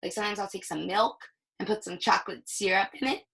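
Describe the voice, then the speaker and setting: A young woman teaching a recorded reading lesson to young children, slowly sounding out the starts of words. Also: medium pitch, vocal fry, husky, poor audio. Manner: slow, animated, sounds out words.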